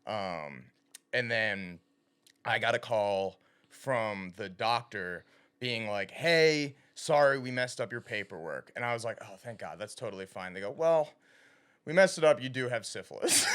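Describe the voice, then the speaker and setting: A young man co-hosting a podcast, telling a long story in casual chat, animated and swearing, laughing at his own punchlines. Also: mid-range voice, normal speed, smooth. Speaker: podcast co-host. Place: recording studio.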